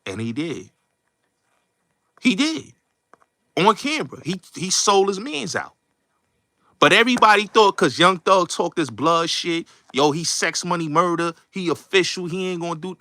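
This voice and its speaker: A man's voice: high voice, very animated, a little slow, sharp tone, no room sound, clean studio sound. A man hosting a show, delivering a blunt, repetitive, streetwise commentary rant. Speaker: show host.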